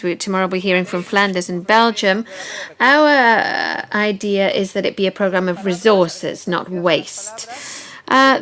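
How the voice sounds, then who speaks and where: A woman giving a conference presentation, speaking in a measured, explanatory way and stressing key words. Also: mid-range voice, fairly bright tone. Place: conference hall.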